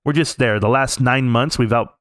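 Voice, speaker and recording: A middle-aged man talking close to the mic in a dry, dead room, with a voice of middling pitch. He tells a story casually and at length on a live stream, and his voice jumps higher when he gets worked up. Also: moderate pace, no echo. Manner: animated, jumps up in pitch when reliving tense moments.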